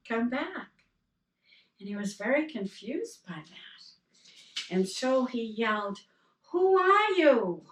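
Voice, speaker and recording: A woman preacher speaks slowly and gently, at a middling pitch. She tells parables with little quoted voices and draws a lesson from them. Her voice sounds a little far from the mic, in a roomy space. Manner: slow, gentle storytelling with quoted dialogue. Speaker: reverend. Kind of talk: sermon.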